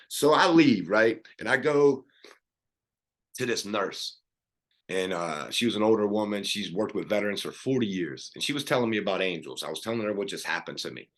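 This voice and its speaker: A man's voice: on the low side, moderate pace. Earnest man telling his life story. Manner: earnest, animated storytelling with many restarts. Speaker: podcast guest. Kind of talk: personal storytelling.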